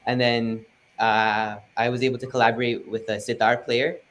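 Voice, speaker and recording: A man's voice: mid-range voice, level tone, normal speed, a bit bright, a little hiss or hum. A teenage boy, a guest musician, answering interview questions politely and eagerly. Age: teens.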